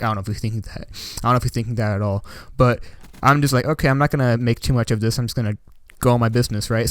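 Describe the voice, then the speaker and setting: A young man telling a personal story to camera in a rambling, animated way, full of filler words. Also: medium pitch, clean tone, no echo. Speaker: YouTuber. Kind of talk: casual storytime monologue.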